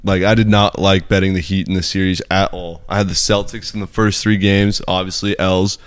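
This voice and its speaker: A man's voice: deep voice, level tone, brisk, clean tone, no room sound. A young man co-hosting a podcast, talking in a laid-back, casual way about sports bets and swearing casually. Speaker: podcast co-host.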